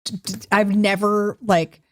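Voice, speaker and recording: Woman, podcast co-host, mid pitch, dry close sound, teasing and bossy. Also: little pitch movement, takes it slowly, no echo. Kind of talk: casual chat.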